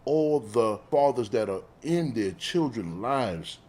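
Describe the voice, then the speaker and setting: A middle-aged man, a bereaved father telling family stories in an emotional, animated conversational way, often laughing and saying "man". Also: mid-range voice, slow.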